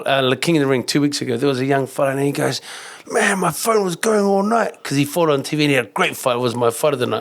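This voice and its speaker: A middle-aged man with a New Zealand accent, a kickboxing champion telling rambling, animated stories in a casual interview, swearing and acting out other people's voices. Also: mid-range voice, creaky. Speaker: kickboxing champion and coach, guest.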